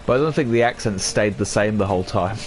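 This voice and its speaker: A man's voice: fairly low pitch, fast. A man casually musing aloud while commenting on a video game, rambling and laughing at himself. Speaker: gaming streamer. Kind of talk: casual commentary over gameplay. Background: game music.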